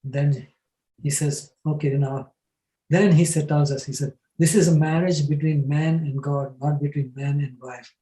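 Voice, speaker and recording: A man's voice: fairly high pitch, a little slow. Older man telling a story, echoey room. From from New Jersey. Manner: relaxed anecdotal storytelling with chuckles. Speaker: panelist. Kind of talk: storytelling in a panel talk.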